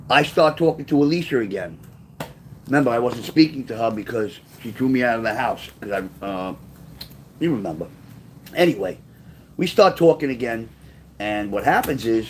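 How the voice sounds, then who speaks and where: A man's voice: medium pitch, a little hiss or hum. A man, from Brooklyn, rambling through blunt, profane memoir stories in a casual spoken style. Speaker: author telling his life story.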